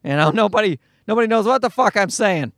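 A comedian from Newfoundland with a Newfoundland accent, rambling through a profane, self-mocking solo podcast monologue. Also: male voice, high-pitched, animated, fast, fairly bright tone, no room sound, studio quality.

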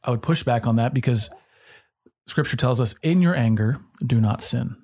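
A man co-hosts a conversational show, earnest and measured, working his thoughts out aloud with small restarts. His voice has a husky, slightly breathy grain at an ordinary middle pitch. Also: warm tone. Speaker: podcast co-host. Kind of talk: conversational discussion.

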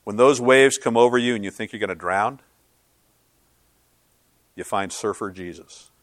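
A man preaching a sermon as pastor, earnest and swinging from loud to hushed. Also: lowish voice, no echo.

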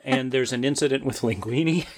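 A man's voice: mid-range voice, fairly quick, slight background noise. A man co-hosting a podcast, recounting a film plot in casual chat with dry, self-deprecating humor. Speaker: podcast co-host.

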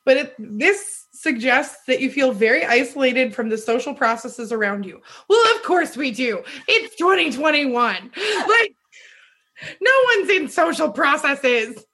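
A woman's voice: sits high, lively intonation, unhurried, sharp tone. A woman in a casual chat, reacting to a friend's story with wry, teasing comments.

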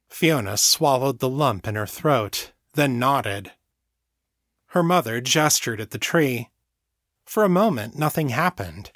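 A man narrating a novel chapter in a steady, measured reading voice. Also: mid-range voice, no room sound, clean studio sound. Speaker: audiobook narrator. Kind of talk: scripted narration.

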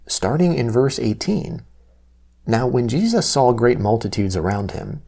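A man reads scripture aloud with a measured, steady delivery. His voice sits a little low and has a mellow, warm tone. There is a soft husky grain to it. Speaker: scripture reader. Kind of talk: scripture reading.

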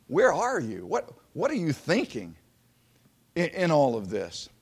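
Slow, expressive preacher with a high voice. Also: male voice, slightly rough. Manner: dramatic swings from loud proclamation to hushed near-whisper; slow, emphatic delivery with repeated words. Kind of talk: sermon.

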